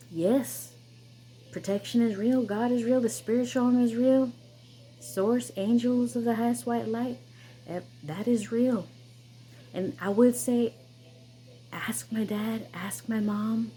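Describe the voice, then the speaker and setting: Heard through poor audio, a channel host with a mellow voice on the high side tells a personal story. She's emphatic and insistent, frequently repeating and restarting.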